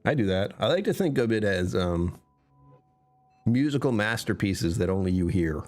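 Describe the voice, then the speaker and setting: A man's voice: on the low side, lively intonation, normal speed, a little mellow, faint music behind. A man streamer chatting casually with his live chat, answering comments and laughing often.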